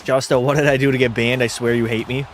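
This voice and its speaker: A man's voice: medium pitch, little pitch movement, quick pace, soft background music. A man hosting a hockey watch party stream, calling the play and answering chat in a laid-back way. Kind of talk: casual live-stream commentary and chat reading.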